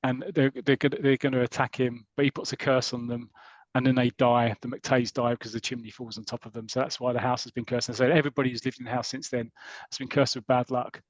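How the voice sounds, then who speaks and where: A man's voice: medium pitch, level tone, fast, no echo, highs cut off. A man co-hosting a podcast, casually retelling a comic story with rambling asides and quoted lines. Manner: rambling, retells plot with quoted voices and laughs. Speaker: podcast co-host.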